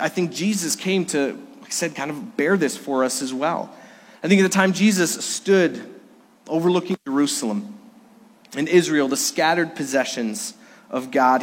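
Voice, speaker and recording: Preaching pastor in a reverberant church. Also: male voice, fairly high pitch. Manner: earnest preaching with dramatic pauses. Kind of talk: sermon. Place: church sanctuary. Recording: live church service with long reverb.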